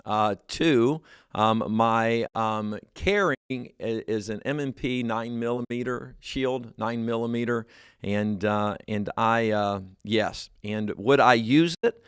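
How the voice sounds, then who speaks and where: A man's voice: medium pitch, slow, smooth, dry recording. A man with a Texan accent who is a pastor, talking in a chatty, upbeat way on a church studio show.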